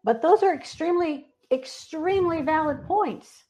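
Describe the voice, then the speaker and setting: A woman's voice: very high voice, moderate pace. A woman speaking as a spiritual medium, telling stories earnestly in a casual interview. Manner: earnest, animated storytelling with quoted voices.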